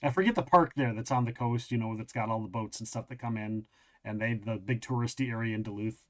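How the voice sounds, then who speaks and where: Halting male game master. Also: fairly low pitch. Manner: halting, many restarts, searches for words. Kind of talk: narrating a tabletop game.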